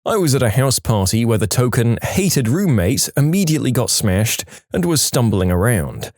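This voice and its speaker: A man reading reddit stories aloud, telling them in a lively way and putting on voices for the quoted people. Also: mid-range voice, moderate pace, no room sound, clean studio sound. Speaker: story narrator.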